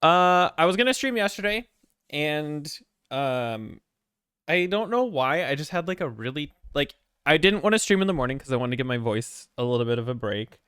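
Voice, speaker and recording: A man's voice: fairly high pitch, expressive, moderate pace, a bit bright, clear, resonant tone, no room sound, clean studio sound. A man streaming from his apartment desk, chatting in a rambling, jittery way with lots of swearing and self-mockery. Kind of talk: casual chat before a game stream.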